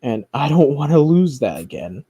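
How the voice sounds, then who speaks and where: A man's voice: mid-range voice, very animated, moderate pace, dark tone, husky, no room sound. A man giving casual, rambling commentary, swearing often and restarting his sentences. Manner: rambling, profane, frequent fillers and restarts. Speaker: commentary streamer.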